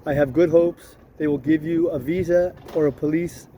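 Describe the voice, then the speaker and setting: A man's voice: fairly high pitch, steady tone, moderate pace, dark tone, slight background noise, natural voice. A man reading the part of a stiff, polite young border lieutenant in a storybook reading, clipped and correct. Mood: officious.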